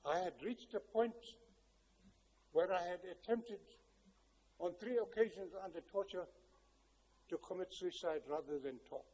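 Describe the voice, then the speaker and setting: Older South African man, high and warm. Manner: measured and reflective, with wry humor. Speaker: guest speaker. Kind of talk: public speech with personal storytelling. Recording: long hall reverb.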